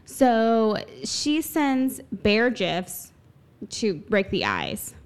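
A woman's voice: a little high, wildly swooping pitch, very slow. A woman co-hosting a casual podcast chat, talking things through with personal examples and some teasing. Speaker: podcast co-host.

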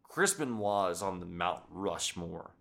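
A man hosting a podcast in casual chat, talking excitedly with lots of swearing and acting out quotes. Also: deep voice, unhurried, gravelly. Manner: excited, profane, acts out quotes. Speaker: podcast host.

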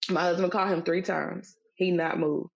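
A middle-aged woman with a lower-pitched voice, chatting casually as a podcast co-host. She tells a story conversationally, full of fillers, and slips into an emphatic, sermon-like delivery when she makes her point. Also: steady tone, moderate pace, gravelly, lo-fi sound. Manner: conversational, acts out quoted voices, turns preachy and emphatic. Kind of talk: casual faith-based storytelling chat.

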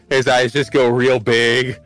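A man's voice: medium pitch, a bit bright. A man who jokes and laughs often while playing a tabletop game on a live stream. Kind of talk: casual chat on a live stream.

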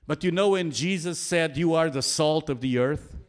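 A man preaching a sermon in a slow, earnest way, with an occasional soft laugh. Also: on the high side.

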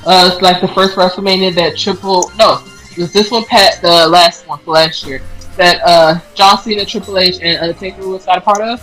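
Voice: medium pitch, fairly even intonation, normal speed, a bit bright, soft background music, low-quality recording. A co-host chiming in and joking on a casual podcast.

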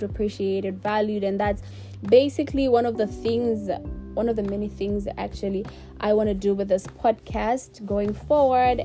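A young woman hosting her own podcast who talks emotionally and effusively, laughing to hold back tears as she thanks her listeners. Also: mid-range voice. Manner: warm and effusive, repeats thanks. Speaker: podcast host. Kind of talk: casual solo podcast outro.

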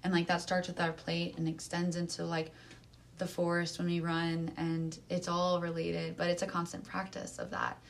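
A woman speaking earnestly in casual conversation, using lots of filler words and lively emphasis. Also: fairly low pitch, moderate pace, creaky, a little hiss or hum. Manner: earnest, animated, many fillers.

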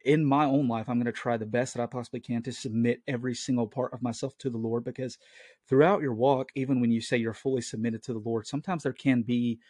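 Talking fast with fairly even intonation, a man in his late twenties hosts a Christian podcast from home on his own mic, rambling earnestly in casual solo talk as his family stays in the next room. His mid-range voice is a little mellow. The sound is clean studio quality with no room sound.

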